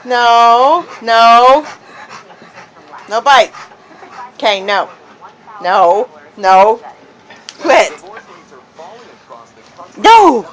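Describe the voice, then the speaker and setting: A woman with a high, lively voice films at home, laughing as she scolds her dog. She talks very slowly and drawn out, repeating short commands over and over. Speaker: dog owner filming at home. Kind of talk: casual home video chatter.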